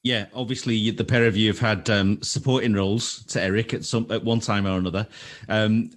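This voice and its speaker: A male podcast host who introduces clips and asks measured, slightly halting questions. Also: on the low side, fairly even intonation. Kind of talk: reading clip introductions and asking questions.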